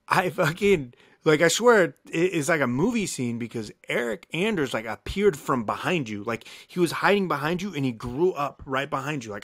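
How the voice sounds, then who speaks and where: A man co-hosting a podcast, telling a long story in a casual, animated way, cursing freely and acting out what people said. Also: a little high, no echo, clean studio sound. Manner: animated, profane, acts out quoted dialogue. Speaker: podcast co-host.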